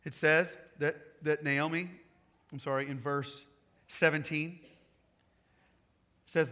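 A man preaching a sermon, retelling a scripture story in casual, animated paraphrase and acting out the characters. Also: on the high side, slow pace, long pauses. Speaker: pastor.

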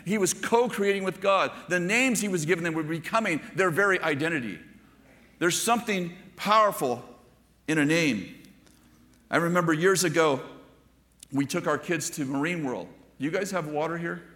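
A man's voice: fairly high pitch, normal speed, bright, forceful tone, big-room sound. An older man preaching a sermon, telling stories and talking directly to the congregation. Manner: storytelling preacher, conversational asides to the congregation. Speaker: pastor.

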